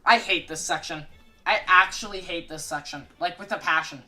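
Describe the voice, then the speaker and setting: A woman giving casual gaming commentary, excitable, jokey and swearing a lot. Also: lowish voice, normal speed, soft background music. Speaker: gaming video creator.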